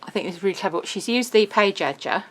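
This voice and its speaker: A woman's voice: mid-range voice, lively intonation, fairly bright tone. A middle-aged woman, presenting a craft album in a casual, bubbly walkthrough. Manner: chatty, bubbly, quick laughs.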